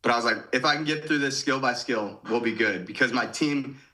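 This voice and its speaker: Bright-voiced man telling his story. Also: mid-range voice, brisk, rough recording. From Michigan, USA. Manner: lively retelling, quotes his own thoughts, frequent "like". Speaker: podcast guest, former gymnast. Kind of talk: casual storytelling.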